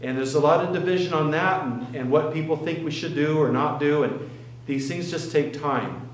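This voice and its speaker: A male pastor preaching in an earnest, halting manner, pausing and restarting as he tells a story. His voice sits a little higher than most men's, and it rings around a roomy, echoing church. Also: slight background noise. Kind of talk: sermon. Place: church sanctuary.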